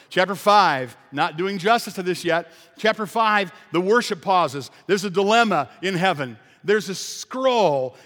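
A man's voice: high-pitched, a bit bright. A pastor preaching a sermon to his congregation, emphatic and full of rhetorical questions. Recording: long reverb of a large hall.

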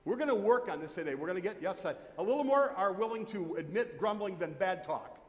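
High-voiced man preaching in a reverberant hall. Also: animated, a little fast. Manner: conversational, joking asides, asks the congregation questions. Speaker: pastor. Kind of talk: sermon. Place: church sanctuary. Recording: long church hall reverb.

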